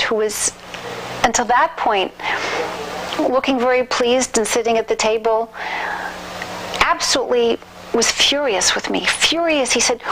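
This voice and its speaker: A middle-aged woman with a fairly high voice tells a personal story in an interview. She often stops, repeats words and restarts. Faint noise sits under her voice. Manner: acts out quoted voices animatedly. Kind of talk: oral history storytelling.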